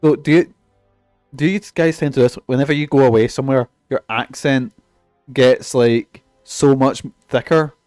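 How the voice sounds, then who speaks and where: Swearing Scottish streamer. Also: male voice, mid-range voice, steady tone, normal speed, a little mellow, no echo, studio quality, soft background music. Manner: profane, joking, rambling. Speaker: game streamer. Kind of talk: casual game commentary.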